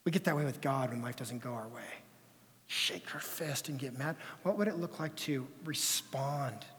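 A man preaching a sermon as pastor, telling stories in an animated way that swings between loud passages and hushed ones. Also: mid-range voice, moderate pace, slight background noise. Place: church sanctuary. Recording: long reverb of a church hall.

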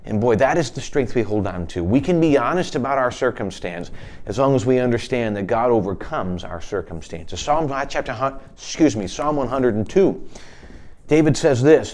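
A man's voice: mid-range voice, darkish tone. Earnest male pastor preaching. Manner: earnest, pleading when voicing prayers, with restarts. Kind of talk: sermon.

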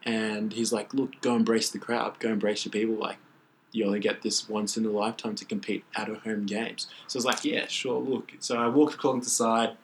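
A man's voice: fairly low pitch, fairly quick, a little hiss or hum, rough recording. A young man, a triple jumper, telling a story casually in an interview, saying "like" constantly. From Australia. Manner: animated, says "like" constantly.

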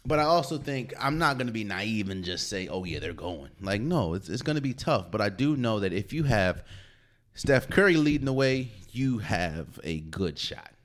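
Deep-voiced animated sports podcaster man. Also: normal speed. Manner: animated, repeats words when restarting, laughs often. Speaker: podcast host. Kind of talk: solo sports podcast commentary. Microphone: podcast mic.

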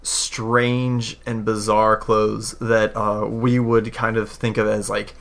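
A man's voice: on the low side, little pitch movement, fairly bright tone. Hesitant man running a tabletop game. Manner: halting, lots of fillers. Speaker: game master.

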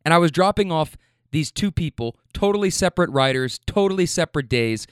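High-voiced, profane podcast storyteller man. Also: animated, a little fast, clear, resonant tone, no echo, clean studio sound. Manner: profane, emphatic, repeats himself; emotional, gets choked up. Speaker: podcast host and rideshare driver. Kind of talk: casual storytelling monologue.

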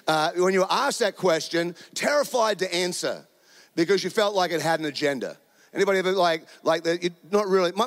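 Speaking through a handheld mic, this New Zealand pastor gives a chatty, humorous sermon in a church auditorium. The voice is high and slightly bright, and a long reverb tail follows his words.

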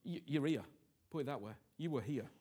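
A middle-aged man preaching a sermon, moving from hushed whispers to loud, pleading outbursts and asking his listeners again and again whether they understand him. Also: medium pitch, animated, a little fast, husky. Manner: repeats himself, asks "you understand me?" often.

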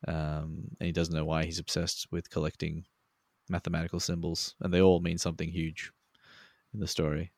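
A man's voice: deep voice, monotone, moderate pace, vocal fry, darkish tone, no room sound, studio quality. A man co-hosting a podcast over a remote call, talking in a rambling, laid-back way and swearing freely. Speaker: podcast co-host. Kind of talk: casual podcast chat.

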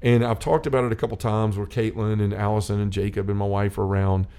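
A man's voice: lowish voice, fairly even intonation, fast, warm tone, clean tone. A middle-aged man hosting a faith-based chat, telling a personal story in an earnest, rambling way. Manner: earnest storytelling, many restarts and quoted dialogue.

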